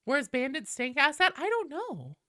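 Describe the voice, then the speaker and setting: Excitable woman streamer with a cold. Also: high-pitched, normal speed, dry recording, clean studio sound. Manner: loud, excitable greetings with profanity. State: sick with a cold. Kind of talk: casual live-stream chat.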